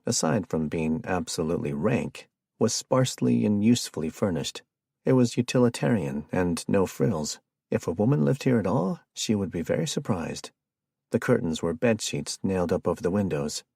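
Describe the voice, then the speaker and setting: A man reads an audiobook in an even, measured way. His voice is very deep with a husky, gravelly texture. The recording is close and dry. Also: dry recording. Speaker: audiobook narrator. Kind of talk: scripted narration.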